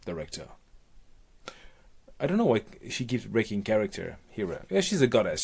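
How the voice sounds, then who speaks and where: A man's voice: lowish voice, husky. A man improvising a rambling, profane comic retelling of a myth, with jokey asides. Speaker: comic storyteller.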